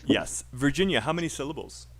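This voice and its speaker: Upbeat male teacher, slightly high voice. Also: animated, a little fast. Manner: patient, encouraging, coaching pronunciation. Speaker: English teacher. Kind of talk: live online speaking class.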